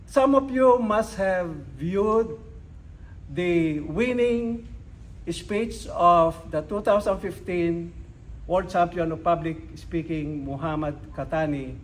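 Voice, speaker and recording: Slow, emphatic older man giving a speech. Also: high-pitched, poor audio. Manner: slow, emphatic delivery with dramatic pauses. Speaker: club speaker. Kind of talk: educational speech to a club. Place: club meeting room.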